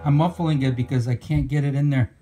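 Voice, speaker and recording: A guitar builder filming himself with a handheld camera, talking sarcastically and ranting in mock bitterness. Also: male voice, medium pitch, fairly even intonation, quick pace, dark tone. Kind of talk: sarcastic workshop vlog. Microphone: handheld camera mic.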